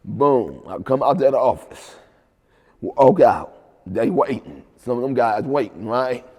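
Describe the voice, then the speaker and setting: Man, interview guest, laid-back storyteller, keeps saying "right?", mid-pitched voice, reverb-heavy room. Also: lively intonation, takes it slowly, mellow.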